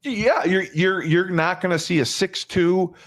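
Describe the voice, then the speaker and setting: A man's voice: high-pitched, flat delivery, a little slow, fairly bright tone. A male podcast host retelling a crime case in casual talk, emphatic, repeating phrases and restarting often.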